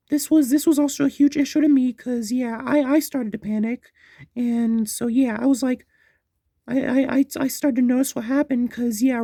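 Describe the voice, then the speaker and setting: Someone putting on a frantic shrill young wife. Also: female voice, mellow, dry recording, clean studio sound. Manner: breathless, frantic. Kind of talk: vlog role-play storytelling.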